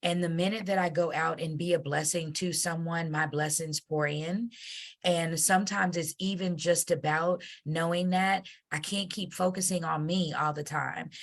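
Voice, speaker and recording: Low, gravelly woman hosting with feeling. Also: steady tone, normal speed. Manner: effusive and emotional, close to tears. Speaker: host and company CEO. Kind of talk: heartfelt interview wrap-up.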